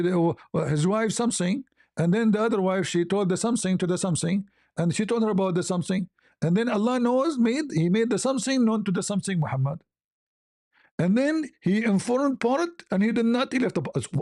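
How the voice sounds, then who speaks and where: A man giving mocking, sarcastic commentary in non-native English, halting often with fillers and restarts. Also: high voice, a little mellow, no echo, studio quality.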